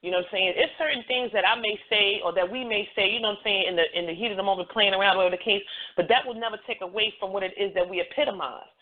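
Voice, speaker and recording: A woman hosts a call-in talk show in a casual, rambling way, circling back with the same stock phrases. Her voice sits at a middle pitch. The sound is thin and narrow, like a phone line. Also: rapid-fire. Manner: loose, repeats phrases, frequent "you know what I'm saying".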